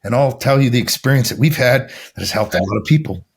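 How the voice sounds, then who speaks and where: Husky guy coach, swears a lot, intense preachy motivational rant. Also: mid-range voice, animated, fast talker. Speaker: men's coach, podcast guest. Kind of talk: blunt motivational talk.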